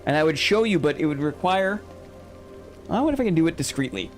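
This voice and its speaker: A man's voice: on the high side, animated, quick pace, soft background music. A man casually commenting while he plays a game on a live stream, chatting playfully with his viewers and reading their messages aloud.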